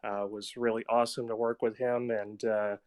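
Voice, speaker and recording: A man's voice: on the low side, level tone, normal speed, dry recording. A man from Arkansas, a filmmaker guest chatting casually on a podcast, rambling with many fillers. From Arkansas, United States. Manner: rambling, filler-heavy, laughs easily.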